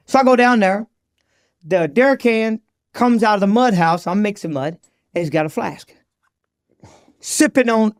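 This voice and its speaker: A man, a podcast guest, telling his recovery story in an animated, slangy way and acting out the dialogue. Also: sits high, normal speed, dry recording, studio quality.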